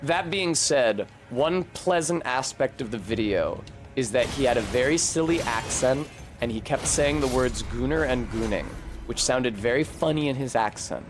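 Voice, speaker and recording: A man's voice: mid-range voice, expressive, moderate pace, hardly any pauses, music in the background. A man chatting casually and swearing while streaming a video game, often laughing. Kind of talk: casual gameplay commentary.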